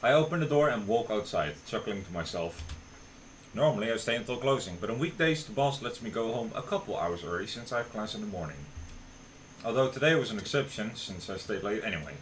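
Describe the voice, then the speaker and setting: A young man streamer reading a visual novel aloud on a live stream, relaxed and cracking jokes in between. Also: on the low side, a little fast, slight background noise.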